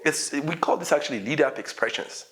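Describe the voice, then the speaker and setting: A man teaching an English lesson in a playful, animated way, often acting out sample dialogues. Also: on the high side, a little fast. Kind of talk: casual online English lesson.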